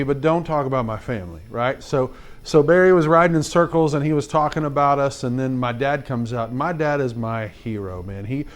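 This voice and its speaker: This teacher has a medium-pitched voice. He shares something from his own life with his fifth graders, lively and talkative, peppering it with "like" and asking the children questions.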